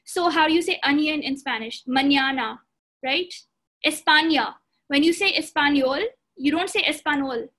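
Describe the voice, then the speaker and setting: A woman's voice: sits high, normal speed, a bit bright. A woman teaching a beginner language lesson, patient, repeating points and checking that students follow. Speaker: language instructor.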